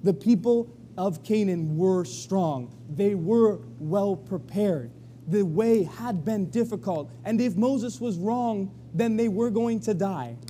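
A man preaching a sermon in a church, telling the story in a lively way and acting out the voices of the people. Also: sits high, slow pace, a little hiss or hum. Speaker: pastor. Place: church sanctuary. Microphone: live stream.

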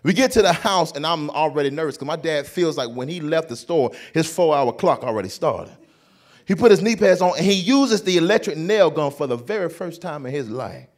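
A young adult man doing stand-up comedy at a church, telling a story in an animated, playful way. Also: a little high, a little fast.

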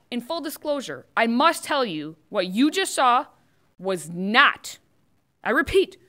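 A woman's voice: on the high side, sharp tone. A woman hosting scripted political commentary, delivering it with sarcastic, mocking asides.

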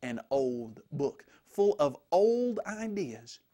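A man's voice: on the high side, big pitch swings, takes it slowly, mellow, pitched below the performer's own voice, exaggerated voice. A man voicing a confident, dismissive science teacher addressing his class in a matter-of-fact tone. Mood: smug.

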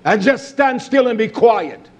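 Male preacher, emphatic sermon delivery, husky tone, higher pitch. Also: lively intonation, measured pace. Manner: emphatic, shifting between loud exhortation and low intensity.

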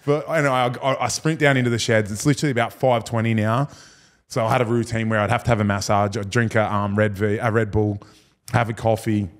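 A man's voice: fairly low pitch, steady tone, fast. A man in his thirties with an Australian accent, a guest telling rambling, slangy stories and laughing through them. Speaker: guest, former rugby league player. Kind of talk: casual storytelling chat.

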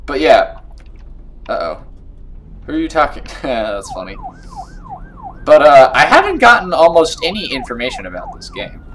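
A man's voice: a little high, huge pitch swings, normal speed, pauses often, a bit bright, a little hiss or hum, poor audio. A young man hosting a video game playthrough, reading the game's dialogue aloud in silly voices and joking between lines. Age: young adult. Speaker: let's play host. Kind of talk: let's play commentary with dialogue read in voices. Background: game music.

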